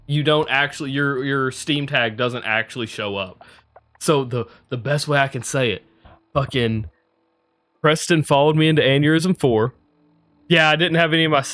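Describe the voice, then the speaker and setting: A young adult man streaming, telling a story in casual chat with lots of swearing and frequent laughter. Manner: animated, swearing, laughing often, breaking into high laughs.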